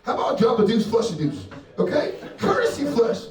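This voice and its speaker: A man's voice: extremely high pitch, wildly swooping pitch, a little fast, darkish tone. Young guy doing standup, swears a ton, laughs at his own bits, echoey club sound. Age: young adult. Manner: brash, crowd-work, swears a lot, laughs at own jokes. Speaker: stand-up comedian. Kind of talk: stand-up comedy set. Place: comedy club stage. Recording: roomy live venue from a distance with crowd.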